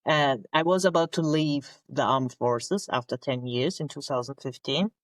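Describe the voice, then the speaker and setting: A woman, a naval officer telling her story in English as a guest, halting as she searches for words. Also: very deep voice, dry recording, rough recording. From Germany. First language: German. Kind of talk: conversational interview storytelling.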